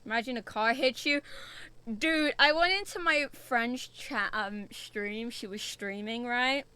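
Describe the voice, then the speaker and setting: A young woman from the UK chats her way through a spooky VR game, drawing each word out slowly in a bright, sharp voice. She swears freely and jumps at every little scare. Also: on the high side, clear, resonant tone. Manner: chatty, swears often, jumpy and excitable. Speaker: VTuber streamer. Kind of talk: casual VR game stream.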